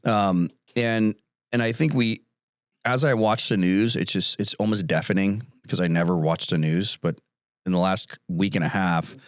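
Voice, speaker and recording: Guy with a lowish voice on a podcast, telling family stories, swears a lot, dry close sound. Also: fairly even intonation, moderate pace, clean tone, no room sound. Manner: storytelling with swearing and quoted voices. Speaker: podcast co-host. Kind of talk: casual chat.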